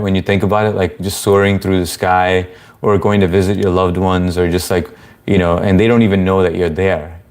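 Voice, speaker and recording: Low-voiced man hosting a casual live stream. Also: a little mellow. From Indian family background. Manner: laid-back, rambling, many fillers. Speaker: livestream host. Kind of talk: casual live chat reading comments.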